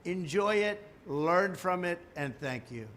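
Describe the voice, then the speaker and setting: A man delivers a scripted speech to camera in an emphatic voice, pitched a little high. He stresses syllables in unexpected places. Faint noise sits under the recording. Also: animated, takes it slowly, a bit bright. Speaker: politician in a played campaign video.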